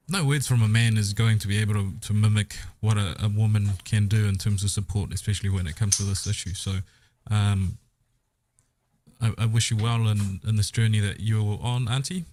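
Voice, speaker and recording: Hesitant low-voiced man. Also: fairly even intonation, moderate pace, slight background noise. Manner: hesitant, gentle, many fillers. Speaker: podcast panelist. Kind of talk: podcast discussion.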